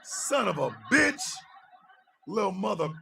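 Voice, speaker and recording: Rowdy, raspy man, shouting banter. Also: sits high, big pitch swings, measured pace, distant mic, slight background noise. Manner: rowdy, profane, shouting bursts and mock outrage. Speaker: radio show host. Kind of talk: loud comedic live-stream banter.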